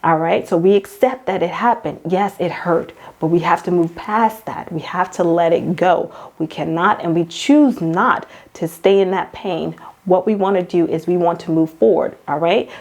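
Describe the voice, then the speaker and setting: A woman hosts a motivational faith talk in a lower-pitched voice. She coaches the listener directly, circling back to the same phrases and calling her girl and hon. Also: a little mellow. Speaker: host.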